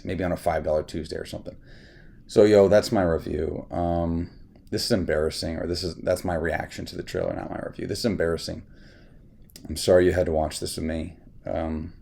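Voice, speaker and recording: A man hosting a casual movie reaction video, talking in an animated, ranting way and often saying y'all. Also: sits low, creaky, slight background noise. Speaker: film reviewer and channel host.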